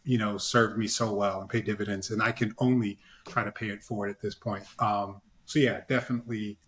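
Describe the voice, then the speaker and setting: A man's voice: on the low side, fairly even intonation, a little fast, fairly bright tone. A man speaking as a panelist in a casual discussion, giving earnest advice with lots of fillers and "right?" tag questions, over a video call.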